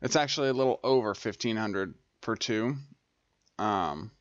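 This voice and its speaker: A man's voice: fairly low pitch, normal speed, dry recording. A man hosting a gaming channel, chatting casually over gameplay, thinking aloud and correcting himself as he goes. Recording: dry, slightly dull home recording.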